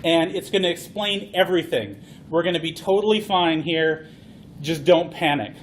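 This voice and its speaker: A man voicing a calm woman friend who reassures quickly and confidently. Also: on the high side, slight background noise, lightly acted. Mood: reassuring. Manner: soothing, brisk.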